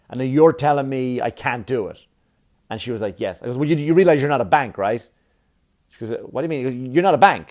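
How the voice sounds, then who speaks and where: A male comedian riffs through everyday annoyances in a loose, ranting podcast monologue. He swears freely and acts out his own exchanges with people, jumping between his voice and theirs. His voice sits in an ordinary middle pitch. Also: darkish tone. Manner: ranting, profane, self-mocking, with acted-out dialogue. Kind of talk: stand-up style comic monologue. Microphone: podcast mic.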